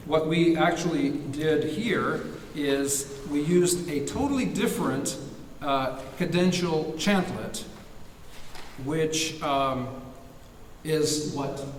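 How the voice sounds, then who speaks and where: A man giving an academic lecture, halting with fillers and restarts, now and then singing a short chant phrase. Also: on the high side, slight background noise. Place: lecture hall. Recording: echoey hall recorded from far off.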